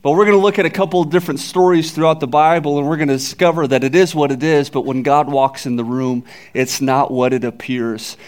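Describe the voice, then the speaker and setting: A man's voice: a little high, fairly even intonation, a little fast, hardly any pauses. A male pastor giving an Easter sermon, telling stories that build to raised peaks and joking with the congregation. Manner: storytelling, builds to raised climaxes; jokes with the congregation.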